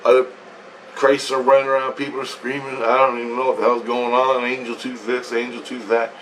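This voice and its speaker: A man recounts a strange dream in a loose, wandering way, full of casual swearing and repeated phrases. His voice sits at an ordinary middle pitch. He is set back from the microphone, with faint ambient noise underneath. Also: flat delivery, fairly quick, a bit bright, distant mic, poor audio. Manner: meandering, profane, repeats himself. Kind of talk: rambling first-person dream account.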